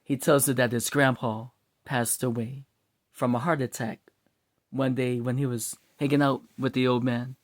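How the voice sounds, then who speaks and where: A man telling a story in a loose, casual way. He stays animated and acts out each scene as he goes, in a mid-pitched voice. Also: moderate pace. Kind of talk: casual spoken story retelling.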